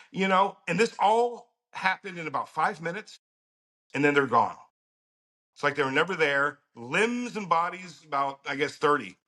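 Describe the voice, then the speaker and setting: Pushed and bright, this middle-aged man's higher voice carries a casual story he tells as a podcast guest. He's blunt and profane and laughs now and then.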